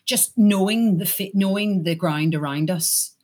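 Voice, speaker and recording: A woman's voice: mid-range voice, measured pace, a little mellow, husky. A middle-aged Irish woman chatting as a stage actor guest, rambling with many restarts and fillers. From Ireland. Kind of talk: casual chat.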